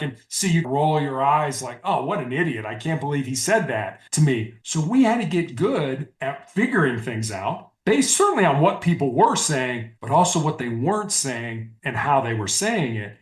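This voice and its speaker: Animated man in an echoey room. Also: on the high side. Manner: earnest, explanatory, acts out quoted speech. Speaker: podcast guest, former hostage negotiator. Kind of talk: conversational interview storytelling.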